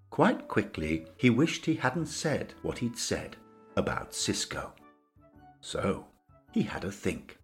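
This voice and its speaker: A man narrating a children's-style story in a lively, sing-song storytelling manner. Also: lowish voice.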